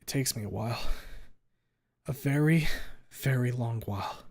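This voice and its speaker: A man's voice: mid-range voice, moderate pace, a little mellow. Man reading a story aloud, swearing. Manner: swears freely, stumbles over words. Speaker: streamer reading a visual novel aloud. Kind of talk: dramatic first-person reading.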